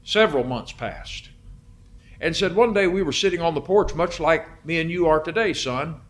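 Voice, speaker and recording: A man preaching a sermon, telling a story in a dramatic way that swings between loud and hushed. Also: fairly high pitch, lively intonation, normal speed, a little hiss or hum.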